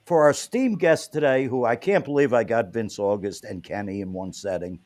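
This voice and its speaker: A man's voice: mid-range voice, fairly quick, a little mellow. A man hosting an interview show, playful and loose in casual chat. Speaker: host.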